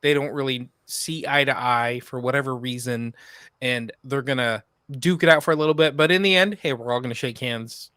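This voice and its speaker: A man's voice: mid-range voice, moderate pace, pushed and bright, smooth, no room sound, studio quality. A man co-hosting a casual podcast, chatty and rambling, with upbeat interjections. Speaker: podcast co-host.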